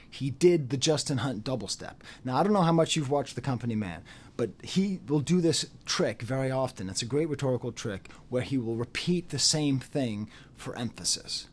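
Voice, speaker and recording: A man talking straight to the camera in an off-the-cuff commentary, his pitch rising and falling in a lively way. He repeats phrases for emphasis and slips into mocking voices when he quotes others. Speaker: YouTube commentator. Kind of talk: unscripted commentary monologue.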